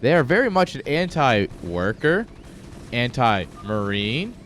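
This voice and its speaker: A man's voice: medium pitch, sing-song, a little slow, a bit bright, a little hiss or hum. Rambling, joking male game caster. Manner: rambling, joking, swears freely. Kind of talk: casual live-stream commentary.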